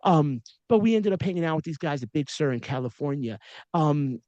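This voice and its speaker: A podcast host in his forties with a high voice talks to guests in a loose, slangy style. He keeps telling long stories full of asides. The sound is dry and close, with no room echo. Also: lively intonation, a little fast, dark tone, muffled recording. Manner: storytelling with frequent slang and asides. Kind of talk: casual interview chat.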